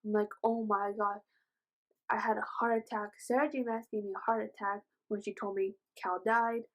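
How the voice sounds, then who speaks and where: A woman retelling a novel's plot in a casual book review vlog, gushing and excitable, with rambling asides and many fillers. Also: mid-range voice, brisk, poor audio. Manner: gushing, excitable, says "oh my gosh" often.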